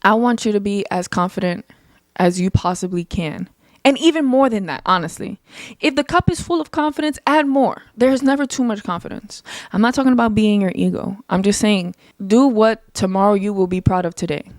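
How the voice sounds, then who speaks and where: Young woman ranting to camera, loud projecting voice, blunt, lots of "like", dry close sound. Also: mid-range voice, no room sound. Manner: blunt, emphatic, talks fast with lots of "like". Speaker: podcast host. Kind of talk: casual solo chat.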